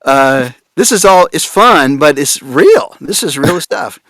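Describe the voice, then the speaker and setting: Panelist, male, lively pitch, slightly raised, dry close sound, laughs a lot. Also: unhurried, no room sound. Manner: animated, amused, laughs often. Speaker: panelist on voice acting. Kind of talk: conference panel talk.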